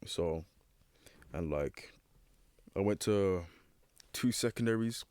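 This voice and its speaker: A teenage guest with a low, slightly mellow, smooth voice works his way slowly through a personal story. He speaks hesitantly, piling up fillers and restarting as he hunts for words, and the sound is close and dry with no echo.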